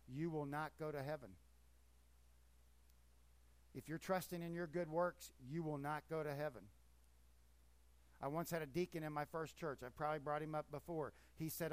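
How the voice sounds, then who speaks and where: A pastor preaching a sermon with emphatic force that rises and falls. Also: male voice, a little high.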